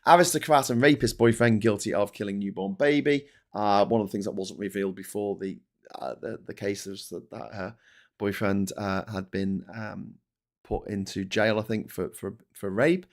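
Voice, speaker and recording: A man's voice: fairly low pitch, steady tone, moderate pace. A man with an English accent hosting a casual live-stream chat, ranting and swearing freely as he reads viewer messages and newspapers. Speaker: host.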